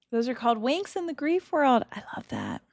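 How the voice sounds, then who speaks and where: Animated, chatty woman streamer. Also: high-pitched, gravelly, no echo, clean studio sound. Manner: chatty and emotional, laughing often. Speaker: game streamer. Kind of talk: casual chat with live stream viewers.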